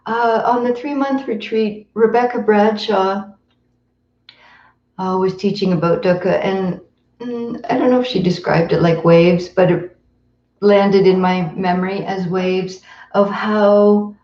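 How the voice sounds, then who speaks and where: A woman teaching meditation in a slow, gentle dharma talk, with tender pauses between her phrases. Her voice is mellow and soft-edged. The recording is roomy and a little dull, as if from a simple home stream. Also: mid-range voice. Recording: roomy echo, dull lo-fi sound.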